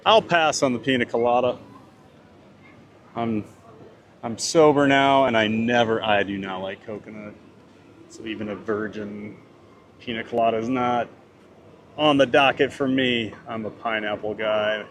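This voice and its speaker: A man's voice: mid-range voice, fairly even intonation, a little slow, pauses often, fairly bright tone, slight background noise. A man chatting casually on a live stream, reading out viewer comments and answering them. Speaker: theme park vlogger reading live chat. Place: outdoors at a theme park.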